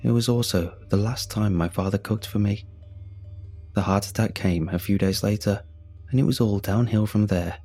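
A man narrating a first-person story in a measured, quietly earnest way. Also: lowish voice, soft background music.

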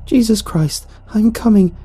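A man voicing a brash, violent young man in a sewer crew who talks loud and cocky. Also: fairly low pitch, sing-song, normal speed, gravelly, slightly rough, faint music behind, heavily acted. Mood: yelling. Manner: loud, cocky, mock-preachy.

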